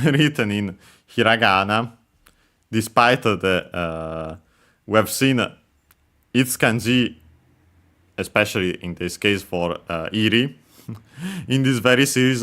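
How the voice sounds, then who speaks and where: A man teaching a language lesson while playing a game, talking slowly in a low voice. His tone is bright and forward despite the depth. He hedges with many fillers and corrects himself as he goes. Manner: explanatory, chuckles while explaining. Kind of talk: let's-play language lesson.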